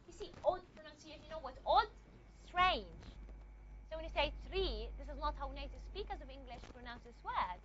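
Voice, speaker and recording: A woman's voice: high voice, lively intonation, fairly quick, a bit bright, muffled recording, a little hiss or hum. A woman teacher giving a classroom lecture, explaining step by step and often checking with the class.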